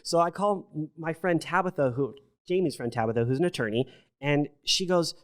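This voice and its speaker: A middle-aged man, a podcast guest, telling a story in casual chat, animated and profane, acting out what people said. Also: medium pitch, fairly quick. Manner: animated, profane, acts out quotes.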